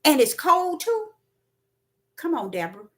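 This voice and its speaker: A woman preaching a spontaneous sermon, repeating words for emphasis and swinging between loud and soft. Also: high-pitched, big pitch swings, measured pace. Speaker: self-styled prophet and preacher.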